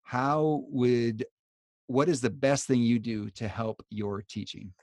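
A man's voice: mid-range voice, fairly even intonation, slow, darkish tone, no room sound, clean studio sound. A man hosting a podcast, talking in a rambling, reflective, self-deprecating way. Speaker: podcast host. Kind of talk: casual conversation.

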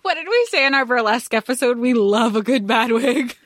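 A woman's voice: fairly high pitch, expressive, fairly quick, a bit bright, no echo, studio quality. A woman co-hosting a podcast, chatting casually about a movie and chiming in with wry, jokey asides. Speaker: podcast co-host. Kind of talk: casual chat recapping a movie.

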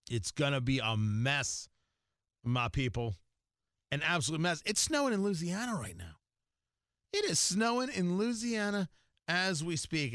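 A man's voice: medium pitch, fairly bright tone, no room sound, clean studio sound. A man hosting a morning radio show in a casual, jokey way, rambling with lots of fillers and restarts. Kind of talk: casual talk radio chat.

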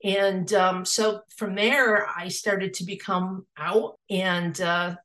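A woman in her sixties telling a personal story in an interview, lively and animated in how she tells it. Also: medium pitch, slow. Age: 60s. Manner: lively, acts out family dialogue.

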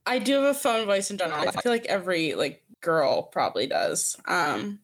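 A woman's voice: on the low side, very animated, fairly quick. A woman guest chatting casually on a podcast, laughing often and full of fillers. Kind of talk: casual chat.

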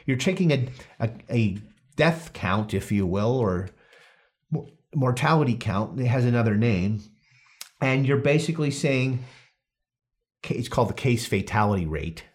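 Animated, joking male podcast host. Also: medium pitch, unhurried. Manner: animated, joking, often restarts and corrects himself. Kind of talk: casual podcast chat reading through a study.

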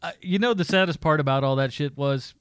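A man's voice: a little high, fairly quick, a bit bright, smooth, no room sound, studio quality. A man co-hosting a movie podcast, joking and swearing in loose banter. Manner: jokey, laughing, swearing banter. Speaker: podcast co-host. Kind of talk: casual movie podcast chat.

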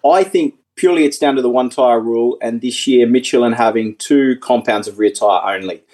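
A man's voice: mid-range voice, fairly quick, darkish tone. A man in his forties, a former motorcycle racer, chatting easily as a podcast guest over a video call, laughing often. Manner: easygoing, chatty, laughs often, many restarts. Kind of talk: casual podcast chat.

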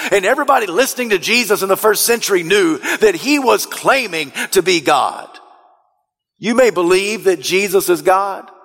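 An emphatic male pastor preaching in a church sanctuary, his voice a touch higher than most men's. He drives his key phrases home and at times rises to a shout, and a long reverb trails every line. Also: vocal fry. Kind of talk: sermon.

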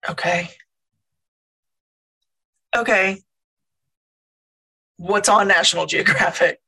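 A woman's voice: lowish voice, takes it slowly, creaky, pushed and bright, slightly rough. A woman playing a tabletop game, talking in a hesitant, wry, casual way. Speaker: player.

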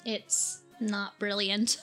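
A woman co-hosting a casual music podcast, dropping short deadpan quips. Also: medium pitch, extremely slow. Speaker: podcast co-host. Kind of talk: casual chat.

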